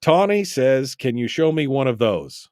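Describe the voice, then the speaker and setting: Animated laughing male talk host. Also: medium pitch, a little slow, dry recording, studio quality. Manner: animated, laughs often, exasperated asides. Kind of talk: casual radio talk.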